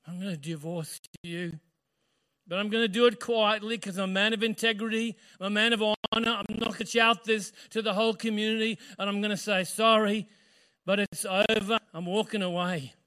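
A man voicing Joseph, a young man of honor, speaking calmly and firmly in a sermon retelling. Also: high voice, a little fast. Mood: resolute.

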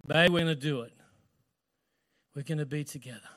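Brief: a steady, principled young husband-to-be, voiced by a preacher, calm and firm. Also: male voice, fairly high pitch, a little fast, voice pushed down, natural voice. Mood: resolute. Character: Joseph, a young man, honorable and steady.

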